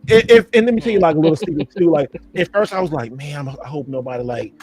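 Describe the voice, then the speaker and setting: A man's voice: on the high side, expressive, fast, darkish tone. A man in casual live-stream chat, talking loosely to viewers as y'all and cussing freely. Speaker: podcast host.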